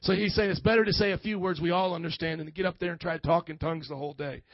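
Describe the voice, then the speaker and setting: A man preaching a lively, playful sermon as a pastor, dropping in frequent amens. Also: fairly high pitch, very fast, dry recording, muffled recording.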